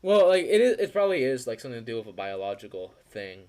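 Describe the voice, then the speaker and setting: A man's voice: mid-range voice, big pitch swings, fast talker, a little mellow. A young man co-hosting a casual podcast chat, rambling and joking, often trailing off mid-thought. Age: young adult. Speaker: podcast co-host.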